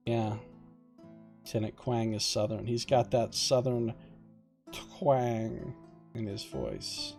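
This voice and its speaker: A man's voice: mid-range voice, darkish tone. A man casually chatting and reading a fantasy gamebook aloud on a stream, joking and singing silly ditties. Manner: jokey, goofs around and sings silly ditties. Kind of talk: casual let's-play chat and read-aloud narration.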